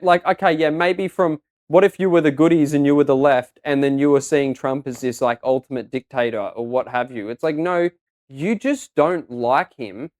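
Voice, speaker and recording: Brief: male co-host, mid-pitched, rambling and filler-heavy, dry close sound. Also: a little mellow, no echo. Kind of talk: casual podcast chat.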